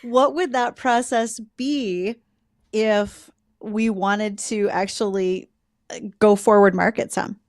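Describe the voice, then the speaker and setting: A woman's voice: mid-range voice, steady tone, slow pace, no echo. Woman farm show host, playful and chatty, close dry voice. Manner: chatty, playful, reads sponsor spots. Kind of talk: radio and TV farm show hosting.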